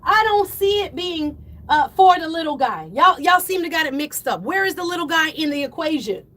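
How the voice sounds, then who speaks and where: A woman hosting a call-in radio show, delivering impassioned, preachy commentary that swells toward yelling. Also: extremely high pitch, expressive, moderate pace. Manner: fiery, preachy, rising to yelling then apologizing. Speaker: radio talk show host.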